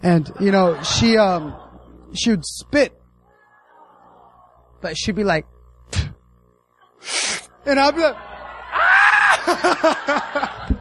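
Casting note: young American male preacher, high voice, casual and playful, acting out the characters in his story. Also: sing-song, slow, long pauses, a little hiss or hum, rough recording. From United States. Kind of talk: casual sermon.

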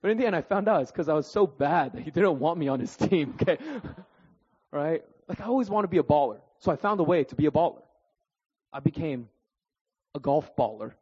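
A man in his thirties preaching through personal stories, animated and self-deprecating, tagging his sentences with "right?" and "okay?". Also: on the high side, fairly quick, husky. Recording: dull recording with long hall reverb.

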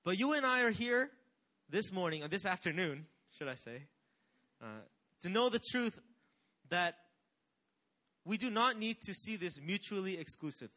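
Casting note: young male pastor, sermon delivery, high animated voice with lots of swing, call-and-response energy. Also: normal speed, long pauses.

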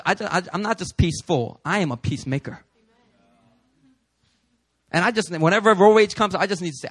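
A pastor in his thirties from New York preaching a sermon at a church service, telling stories with jokes and building to loud, emphatic shouts. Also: high-pitched, animated, fairly quick, long pauses, husky.

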